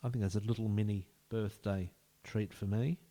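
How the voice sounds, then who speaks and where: A man's voice: fairly low pitch, steady tone, moderate pace, warm tone. A man giving casual, jokey let's-play commentary as a gaming video host, bantering with the players in the game.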